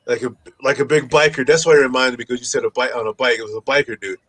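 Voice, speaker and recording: A man's voice: mid-range voice, fast talker. A man hosting a casual chat, telling stories with lots of swearing. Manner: animated, swears a lot, acts out quoted people. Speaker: podcast host.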